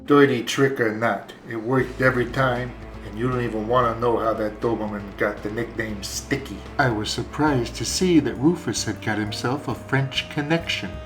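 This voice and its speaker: A man plays a gruff German Shepherd mob father narrating a cartoon noir with deadpan wisecracks. His voice sits at an ordinary middle pitch and carries a roomy echo. Faint music plays underneath. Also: moderate pace, few pauses, natural voice. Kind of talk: hard-boiled comedic narration.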